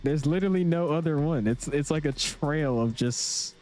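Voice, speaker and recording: A young man streaming a flight simulator, chatting casually in an excitable, rambling way full of slang. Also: fairly high pitch, normal speed, soft background music. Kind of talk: casual livestream chat.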